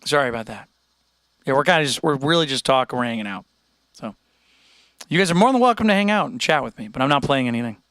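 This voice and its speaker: A man's voice: mid-range voice, lively intonation, fast talker, long pauses, fairly bright tone, smooth, dry recording. A man hosting a casual livestream chat, rambling and laid-back, laughing often. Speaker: streamer host.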